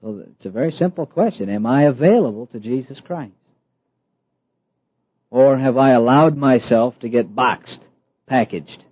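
A middle-aged man preaching a sermon, slow and emphatic, with dramatic pauses and soft asides. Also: medium pitch, no echo. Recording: dull, lo-fi dry sound.

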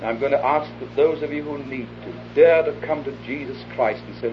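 A man preaching an evangelistic sermon, earnest, acting out little dialogues and dropping to an intimate hush for his appeal. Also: mid-range voice, brisk. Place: hall before a live audience. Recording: dull lo-fi archive tape with faint hiss.

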